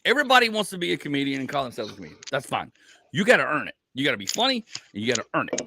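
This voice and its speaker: A man's voice: mid-range voice, very fast, gravelly, no echo. A male comedian hosting a casual podcast, telling stories with lots of restarts and some swearing. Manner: animated storytelling, rambling with many restarts and swearing.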